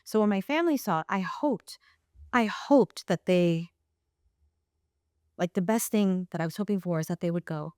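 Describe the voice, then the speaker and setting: Animated woman telling a family story. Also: on the low side, normal speed, long pauses, dry recording, studio quality. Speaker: podcast guest, playwright and performer. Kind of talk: casual storytelling in a podcast interview.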